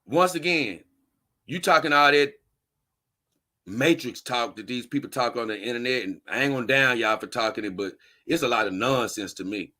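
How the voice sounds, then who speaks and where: Guy hosting a stream, preachy and blunt, real sharp forceful voice. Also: medium pitch, moderate pace. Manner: blunt, preachy, slangy advice. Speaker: host reading viewer comments. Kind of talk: casual livestream talk.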